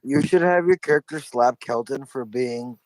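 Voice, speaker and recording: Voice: medium pitch, normal speed, a little mellow, no echo, low-quality recording. A player in a tabletop game, teasing and asking questions. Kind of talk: casual tabletop game chat.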